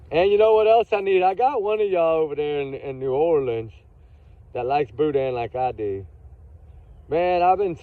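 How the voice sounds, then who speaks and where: A man's voice: medium pitch, dry recording. A man with a Texan accent, chatting casually outdoors in a rambling way that drifts off topic, heard through a tinny, phone-like recording. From Texas. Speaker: vlogger. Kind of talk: casual chat.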